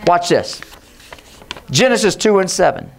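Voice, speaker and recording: A pastor giving an emphatic sermon in a church, sometimes hushed and sometimes shouting, and calling on the congregation to repeat his words. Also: high-pitched, expressive, measured pace, creaky. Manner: leads the congregation in call and response. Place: church sanctuary.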